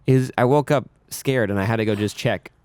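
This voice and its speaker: A man's voice: mid-range voice, fairly quick, a little mellow, smooth. A man co-hosting a casual podcast, telling stories in an easygoing way. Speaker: podcast co-host. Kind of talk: casual chat.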